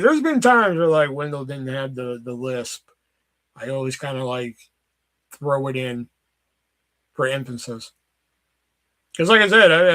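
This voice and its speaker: A man's voice: medium pitch, sharp tone. A man casually rambling through work stories on his livestream, swearing often and restarting sentences. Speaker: livestream host. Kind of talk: casual storytelling chat.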